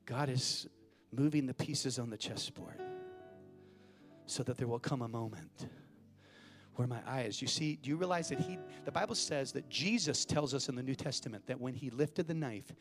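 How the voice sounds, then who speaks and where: A man's voice: mid-range voice, moderate pace, over music. A man preaching a sermon as a pastor, emphatic and calling out to the congregation in a church.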